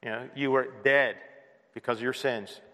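A man's voice: medium pitch, steady tone, normal speed, sharp tone. A man preaching a sermon as pastor, earnest, with many rhetorical questions. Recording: long hall reverb.

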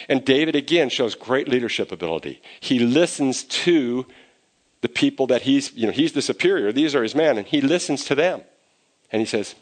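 Animated conversational male pastor. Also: on the high side, a little fast. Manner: conversational, animated when acting out scenes. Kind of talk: sermon.

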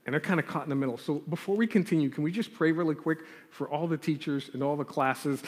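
A man telling a lively childhood story in a sermon and then leading a prayer, acting out the scenes as he goes. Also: on the high side, quick pace, few pauses. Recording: long hall reverb.

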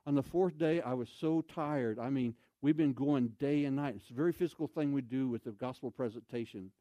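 A man telling a story in a sermon as an evangelist, animated, with loud exclamations and quoted voices. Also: medium pitch, fairly quick, dry recording.

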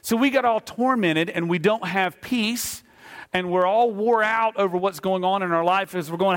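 A man preaching a sermon with a fairly high voice, telling the story in a loose, conversational way. He acts out the voices of the figures as he goes. His voice rings with long reverb in a church hall. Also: moderate pace. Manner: animated storytelling, acting out voices of biblical figures; conversational with fillers. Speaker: pastor.

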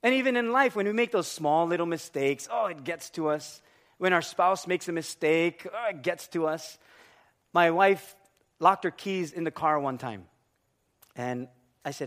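A man with a fairly high, very expressive voice delivers a sermon. He tells funny stories from his own life and acts out every voice in the dialogue himself, from his wife's lines to his own. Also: normal speed. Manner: animated storyteller who acts out both sides of dialogue. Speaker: pastor. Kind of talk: sermon with a humorous personal story.

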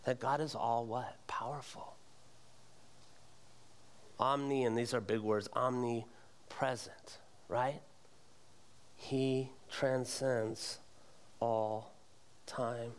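A man's voice: mid-range voice, steady tone, extremely slow, pauses often. A male pastor preaching a sermon, earnest, quizzing the congregation and repeating words as he goes.

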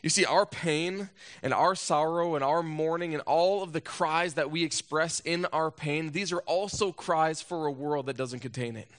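A man's voice: on the high side, moderate pace. Earnest man preaching a sermon. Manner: storytelling with rhetorical questions; earnest, swings between loud and hushed. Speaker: pastor.

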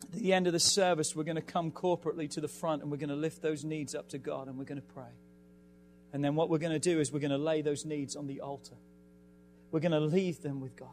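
A man's voice: a little high, steady tone, fast, a little mellow, a little hiss or hum. A man preaching a sermon as pastor in a church, building to emphatic, impassioned peaks. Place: church sanctuary.

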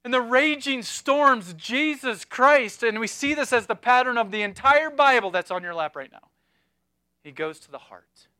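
High, bright-voiced preacher with emphatic swings. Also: male voice, expressive, normal speed, clean tone, no echo, clean studio sound. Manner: emphatic, swings from loud to hushed. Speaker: pastor. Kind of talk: sermon.

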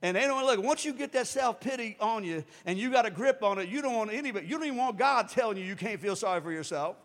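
A man preaching a sermon as pastor, animated, acting out quoted voices and rising to shouts. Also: high voice, quick pace. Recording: long hall reverb.

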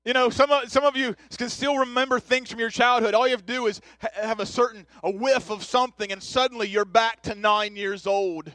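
A man's voice: very high voice, fairly even intonation, normal speed, a bit bright, dry recording, studio quality. A man in his thirties preaching a conversational sermon, joking and chatting straight to his congregation. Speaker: pastor. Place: church sanctuary.

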